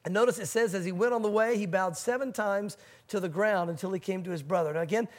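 A man preaching a sermon as pastor, animated and acting out the voices of panicked people. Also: high-pitched, quick pace.

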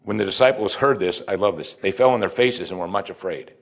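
A man preaching a sermon, animated, acting out the quoted lines and chuckling as he explains. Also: deep voice, a little fast, vocal fry.

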